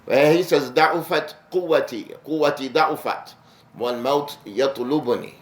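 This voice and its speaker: A man teaching a mosque lesson, reciting Arabic verses quickly and then explaining them in English with rising emphasis. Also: medium pitch. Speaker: imam teaching a class. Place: mosque hall. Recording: echoey mosque room.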